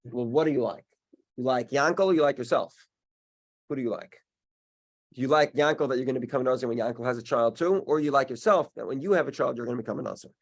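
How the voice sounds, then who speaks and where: A man leads a Talmud study class, talking through each case slowly and carefully. He stops and restarts his sentences often as he works out the reasoning aloud. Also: mid-range voice. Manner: halting, many restarts, explains step by step. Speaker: Talmud teacher. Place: in-person class also streamed online.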